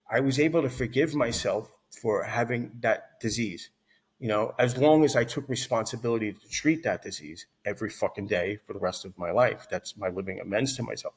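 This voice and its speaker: A man's voice: mid-range voice, breathy edge, low-quality recording. A man in his thirties telling his recovery story as a podcast guest, blunt and profane, rambling with restarts. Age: 30s.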